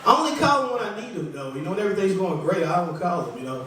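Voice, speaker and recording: Very fast and forceful, a man's high, bright voice bounces with lively intonation as he riffs self-deprecatingly and conversationally in a small comedy club. There's a little hiss or hum, the room echoes, and he sounds far away.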